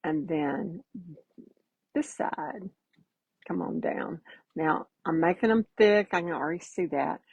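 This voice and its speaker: A woman's voice: lowish voice, slow pace, gravelly, pauses often, darkish tone, breathy edge, dry recording, muffled recording. A woman giving a casual live painting demo, chatty and folksy, greeting viewers by name as she works. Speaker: painting instructor.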